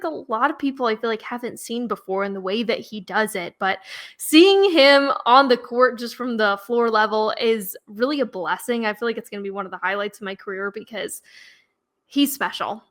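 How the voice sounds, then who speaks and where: A woman's voice: a little high, lively intonation, moderate pace. Upbeat woman sports reporter. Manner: giggly, upbeat. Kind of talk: casual podcast chat.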